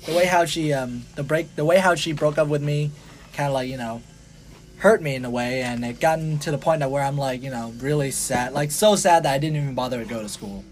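A young man hosting a podcast in casual chat, talking in a halting, rambling way with many restarts and fillers. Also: mid-range voice. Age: young adult. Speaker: podcast host.

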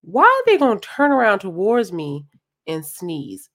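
A young adult woman co-hosting a casual podcast, telling a work story in an animated way and acting out what people said. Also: lowish voice, a little slow. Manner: animated storytelling with voiced-out quotes. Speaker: podcast co-host. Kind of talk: casual chat.

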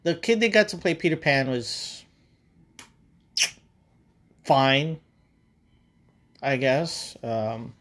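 A man's voice: medium pitch, big pitch swings, very slow, long pauses, a bit bright. A man hosting a podcast in casual chat, rambling and swearing freely between laughs. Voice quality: rambling, profane, laughs often. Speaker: podcast host.

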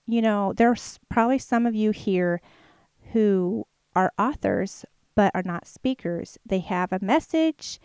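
Woman, faith vlogger, earnest and chatty, smooth clear voice, dry close sound. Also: medium pitch, slow, darkish tone, dry recording. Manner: earnest, chatty, with many fillers. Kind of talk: casual testimony to camera.

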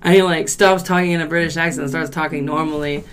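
A woman's voice: low-pitched, quick pace, clear, resonant tone. A young woman co-hosting a podcast, chatting casually and swearing freely as she tells stories. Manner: animated storytelling, swears freely, laughs often. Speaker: podcast co-host.

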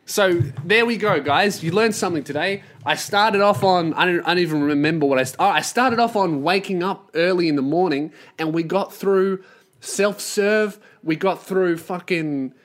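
Solo podcast host, male, young, ranty and profane, pitch a bit high. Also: moderate pace. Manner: profane, ranting, acts out mocking quoted voices.

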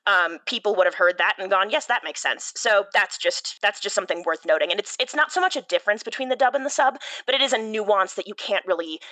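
A woman's voice: mid-range voice, fast talker, hardly any pauses, pushed and bright, no room sound, poor audio. A woman co-hosting a podcast, chatting enthusiastically and laughing often. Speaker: podcast co-host. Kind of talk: casual podcast chat.

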